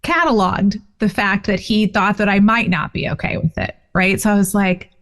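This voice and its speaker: A woman in her fifties, a guest author and parent, telling a personal story in a casual interview with an animated, expressive delivery. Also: mid-range voice, moderate pace. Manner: animated, expressive retelling with frequent fillers.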